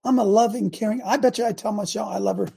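Gravelly, emphatic older male host. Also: sits high, fairly even intonation, very fast. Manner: loud, emphatic, repeats himself for emphasis. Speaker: show host and former football coach. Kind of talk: impassioned talk show monologue.

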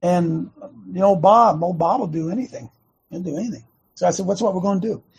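Husky, fiery-voiced male host. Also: sits high, brisk. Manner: emphatic, fiery, repeats words in bursts. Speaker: host of an online activist show. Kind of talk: fast casual preaching talk.

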